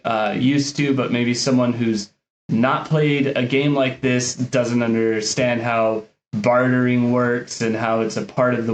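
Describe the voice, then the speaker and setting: Easygoing man recapping in an echoey room. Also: mid-range voice. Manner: easygoing, recaps scenes with fillers. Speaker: podcast co-host. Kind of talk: casual podcast chat.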